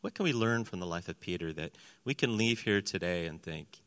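His lowish voice bright and forceful, a pastor moves at a quick pace through a sermon with scripture reading, animatedly telling the story and taking on its characters' voices. Everything rings with a long reverb in a large church hall.

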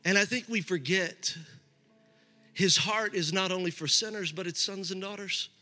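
A man's voice: high-pitched, moderate pace, bright, forceful tone. A middle-aged man preaching a sermon as a pastor, talking in a loose, conversational way with frequent restarts. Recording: hall reverb with faint music.

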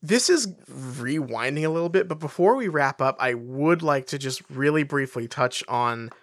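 Podcast co-host, casual book chat, wry and animated, dry close sound. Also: mid-range voice, moderate pace, no room sound. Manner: animated, wry, frequent restarts.

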